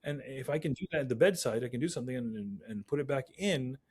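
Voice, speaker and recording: A male physician, a guest in an interview, telling stories in an animated, emphatic way. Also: mid-range voice, fast talker, breathy edge. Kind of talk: interview storytelling.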